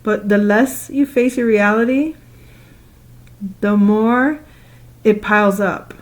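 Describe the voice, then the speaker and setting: A woman talking casually in a spiritual monologue, animated and playful, acting out her own past thoughts with laughing asides and long loose lists. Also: mid-range voice, takes it slowly. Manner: repetitive listing, loose conversational phrasing. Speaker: spiritual speaker.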